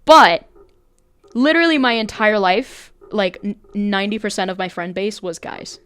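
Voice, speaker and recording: A young woman co-hosting a podcast in loose, rambling chat. She is blunt and curses freely as she tells her stories. Her voice is smooth, and the sound is close and dry. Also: medium pitch, moderate pace, a bit bright, no room sound. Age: young adult. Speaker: podcast co-host. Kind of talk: casual chat.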